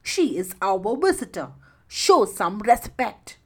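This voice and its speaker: A woman voicing a kind but firm good witch who speaks slowly and sternly. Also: mid-range voice, big pitch swings, fairly bright tone, slightly rough, full character voice.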